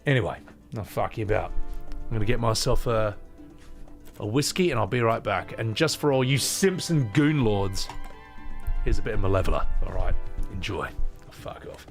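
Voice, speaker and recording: A man streaming a game, chatting and joking with his viewers in an excitable, swearing manner. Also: fairly low pitch, moderate pace, gravelly, long pauses, faint music behind. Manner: excitable, swearing, jokey banter with chat. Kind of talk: casual gameplay commentary.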